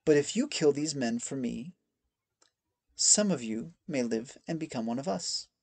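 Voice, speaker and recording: Audiobook villain: man doing a cool, menacing masked older woman, gravelly and dry. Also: mid-range voice, lively intonation, unhurried, a little mellow, dry recording. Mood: cold. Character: masked older woman, cold ruthless estate matriarch.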